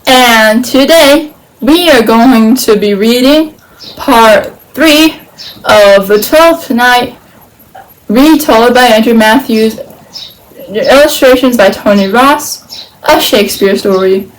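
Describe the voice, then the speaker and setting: A woman reads a children's book aloud as the host of a storytime channel. Her voice sits a little high. She reads with playful, animated energy and breaks off for slangy jokes. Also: takes it slowly, low-quality recording. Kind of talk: reading a children's book aloud with chatty asides.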